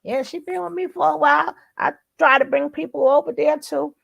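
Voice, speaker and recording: A woman's voice: sits high, fairly even intonation, fairly quick, creaky. A woman with a Brooklyn accent hosting a casual live chat, chatty and calling everyone baby. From Brooklyn, New York. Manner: warm and chatty, calls people baby and darling. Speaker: livestream host.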